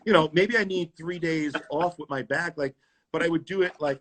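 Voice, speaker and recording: A man with a New York accent, a tap dancer telling stories in a casual interview, animated and repeating words as he goes, on a video call. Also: on the high side, moderate pace.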